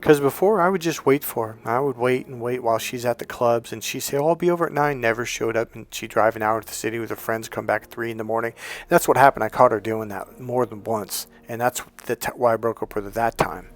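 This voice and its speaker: A man's voice: mid-range voice, fairly even intonation, a little fast. A man telling a personal story as a dating coach, in a blunt, profane, emphatic way. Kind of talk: casual storytelling monologue.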